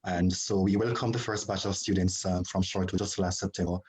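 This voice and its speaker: A man from Jamaica, president of an expatriate association, introducing himself in a measured, explanatory way on an online panel over a video call. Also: low voice, fairly even intonation, darkish tone, breathy edge, poor audio.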